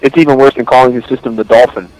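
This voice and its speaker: A man co-hosting a casual radio talk show, making quick wisecracks. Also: mid-range voice, fairly even intonation, a little mellow, soft background music, rough recording.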